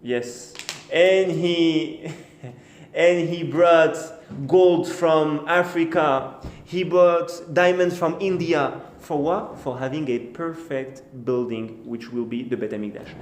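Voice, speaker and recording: Halting rabbi telling a story in an echoey room. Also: male voice, on the high side. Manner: halting, repeats and restarts phrases; acts out the birds and the king in short quoted bits. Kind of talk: storytelling sermon. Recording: echoey room with faint noise.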